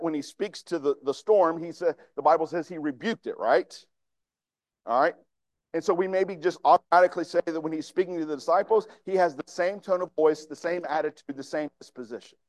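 A man with a high voice preaches a sermon, talking to the congregation in a conversational way and putting questions to them. The sound is dry and close, with little room echo. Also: moderate pace. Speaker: pastor.

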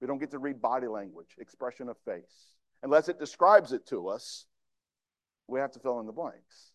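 A man's voice: mid-range voice, lively intonation, normal speed, no echo. A male pastor preaching a sermon in a conversational way, putting questions to the congregation.

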